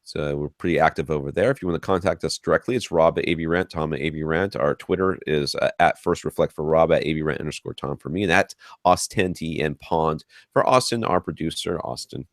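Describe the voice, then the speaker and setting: A man around forty hosting a podcast, telling ranting stories in a casual, animated way with lots of restarts. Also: a bass voice, brisk, hardly any pauses, no room sound, studio quality. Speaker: podcast host.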